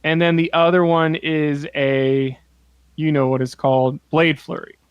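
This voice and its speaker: A man co-hosting a podcast in casual chat, telling an animated story with laughter and swearing, close on the microphone. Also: fairly high pitch, a little slow, clear, resonant tone, dry recording, dull audio. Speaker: podcast co-host.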